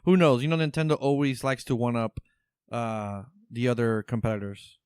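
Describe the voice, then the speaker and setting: A man talks games in a loose, casual chat, cursing freely and tripping over his own restarts. His voice comes through smooth and resonant. The sound is dry and close, with no room to it. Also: mid-range voice, fairly even intonation, moderate pace, a little mellow, no echo. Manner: swearing, stammering restarts. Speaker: podcast co-host.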